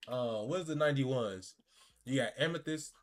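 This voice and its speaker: A man giving excitable, laughing, slangy pack-opening commentary, talking to the game and cards as he goes. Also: mid-range voice, moderate pace. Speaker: gaming video creator.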